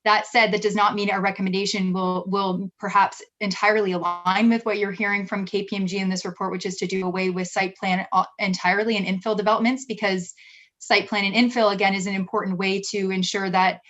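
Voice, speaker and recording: A woman city staff member answering questions at a council meeting in a measured, explanatory way. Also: mid-range voice, flat delivery, fairly bright tone, dull audio.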